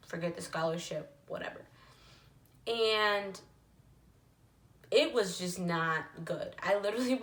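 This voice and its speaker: A woman's voice: lowish voice, a bit bright, roomy sound. A young woman telling a personal story to camera in a candid, emotional way, with lots of "like" and "literally". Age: young adult. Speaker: vlogger.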